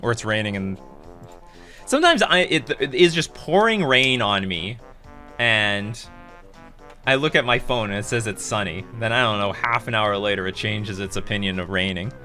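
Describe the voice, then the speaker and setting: Chatty Canadian man, bright lowish voice. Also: lively intonation, normal speed, soft background music. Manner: chatty, laughs often, swears casually. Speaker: streamer playing a card game. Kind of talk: casual gameplay commentary.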